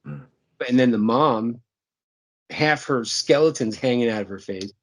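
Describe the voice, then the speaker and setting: A man's voice: medium pitch, unhurried. A man co-hosting a casual movie chat, rambling and profane, often repeating himself. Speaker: podcast co-host.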